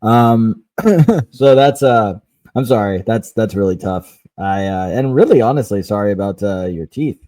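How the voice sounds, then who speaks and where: A man co-hosting a parenting podcast who speaks haltingly and often restarts his sentences. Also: lowish voice, animated, mellow. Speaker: podcast co-host. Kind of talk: casual chat.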